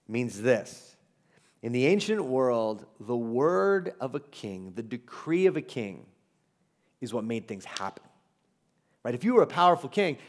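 A pastor preaching a sermon to his congregation, conversational and emphatic, with asides and humor. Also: fairly high pitch.

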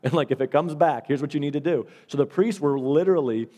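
Speaking fast in a slightly high voice with a dark tone, this male pastor preaches a storytelling sermon conversationally, performing the voices of his characters. Long large-hall reverb surrounds him.

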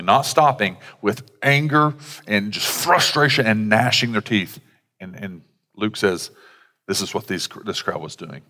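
A man's voice: lowish voice, a bit bright. A man, a pastor, preaching a sermon in a conversational way with casual asides. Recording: long hall reverb.

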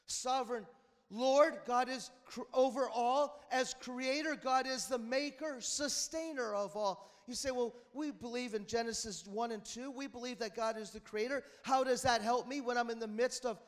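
A man preaching a sermon as pastor, swinging between loud emphatic bursts and quiet, low passages. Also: moderate pace. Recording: long hall reverb.

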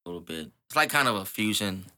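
A man co-hosting a casual podcast, speaking in a laid-back, soft-spoken way. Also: on the low side, animated, fast, dry recording, clean studio sound. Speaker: podcast co-host. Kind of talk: casual chat.

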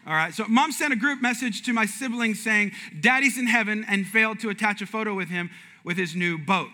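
Bright, high-voiced pastor telling funny stories. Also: male voice, fairly quick. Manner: animated, jumps to high excited pitch in acted-out stories. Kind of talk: humorous sermon storytelling.

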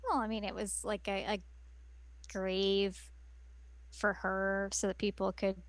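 A woman co-hosting a podcast in casual chat, playful and quick to laugh. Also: medium pitch, flat delivery, dry recording. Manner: giggly, laughs often, playful. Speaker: podcast co-host.

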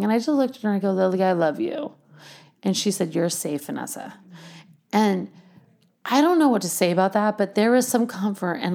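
A young woman with a low, gravelly voice tells a rambling, candid story about her own life. She talks casually, leans on fillers and laughs often as she goes. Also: darkish tone. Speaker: vlogger sharing a health story.

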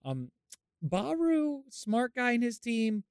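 Young guy podcast cohost, high bright voice, dry close mic, acts out quotes all animated. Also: slow pace, clean tone, no echo. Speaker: podcast co-host. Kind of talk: casual chat, storytelling.

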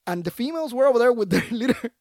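A man, a podcast guest and army veteran, telling stories in a casual, slangy, animated way in a studio. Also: very high-pitched, racing, no room sound. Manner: animated, slangy, acts out other voices. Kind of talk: casual storytelling.

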